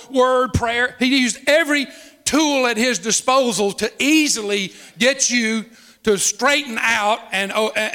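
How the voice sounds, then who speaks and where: A man preaching a folksy, animated sermon, often repeating words and laughing. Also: very high-pitched.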